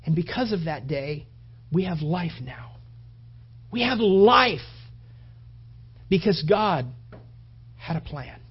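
A man preaching a sermon with passion, his voice rising toward shouts and then dropping low. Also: animated, slow pace, long pauses, slightly rough, muffled recording. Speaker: pastor.

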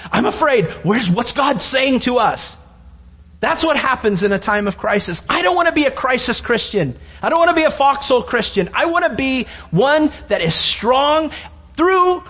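A man preaching a sermon, telling Bible stories with animated energy and rhetorical questions. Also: very high voice. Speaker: pastor. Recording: dull lo-fi sermon recording.

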